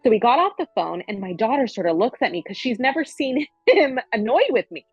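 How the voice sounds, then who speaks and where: Husky-voiced woman coaching earnestly. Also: a little high, big pitch swings, a little fast, no echo, lo-fi sound, faint music behind. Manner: earnest, repeats phrases for emphasis. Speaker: spiritual relationship coach. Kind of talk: casual spiritual coaching talk.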